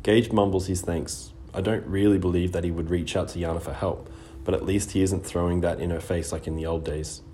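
Steady male audiobook narrator, deep and mellow. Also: brisk, a little hiss or hum. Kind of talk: scripted first-person narration.

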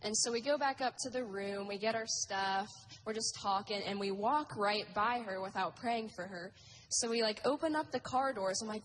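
A woman's voice: mid-range voice, normal speed, background noise. A teenage girl sharing a testimony at church, chatty and giggly, with lots of "like"s. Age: teens.

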